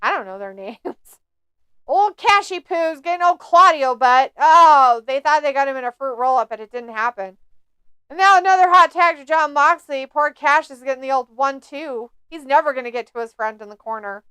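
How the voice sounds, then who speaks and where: A woman's voice: high voice, fairly quick, pushed and bright, no echo. A woman casually commenting on a wrestling match during a live stream, joking and mocking the wrestlers. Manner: snarky, jokey, mocking the wrestlers. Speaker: watch-along host.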